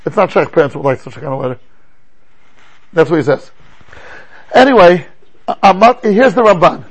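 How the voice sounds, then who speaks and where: Animated gravelly rabbi teaching. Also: male voice, fairly high pitch, moderate pace, rough recording. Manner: animated, rhetorical questions, frequent stammering restarts. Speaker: rabbi teaching a Torah class. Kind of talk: animated Torah lecture.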